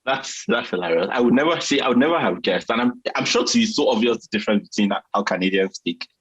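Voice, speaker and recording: A man's voice: medium pitch, fast, husky, highs cut off. A man, a psychiatrist guest talking casually, laughing and leaning on "like". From Nigeria. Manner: relaxed, heavy on "like" fillers, laughs often. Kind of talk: casual conversation.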